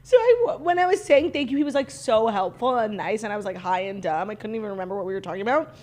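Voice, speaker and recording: A woman's voice: mid-range voice, fast, a little mellow. A young woman co-hosting a podcast, telling a story in casual chat with giggles. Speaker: podcast co-host.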